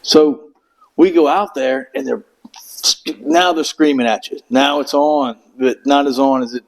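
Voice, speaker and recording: A man's voice: mid-range voice, a little slow, gravelly, rough recording. A middle-aged man telling a rambling, profane story in casual chat, acting out quotes in raised voices. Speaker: Marine veteran guest.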